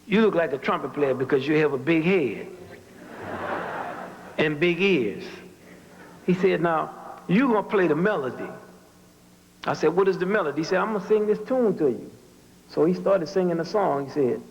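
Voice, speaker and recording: A man with a fairly high voice gives a commencement speech as a story, acting out the sounds of drums, tuba and horns with his mouth. He is from New Orleans. The recording is muffled and lo-fi. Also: moderate pace, creaky, long pauses. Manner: vocalizes drum and horn sounds, animated storytelling. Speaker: commencement speaker.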